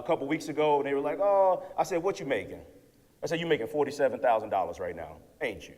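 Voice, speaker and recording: A man in his thirties giving an energetic motivational keynote to students, often checking in with "right?". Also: medium pitch. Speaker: keynote speaker. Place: lecture hall with audience. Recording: long hall reverb.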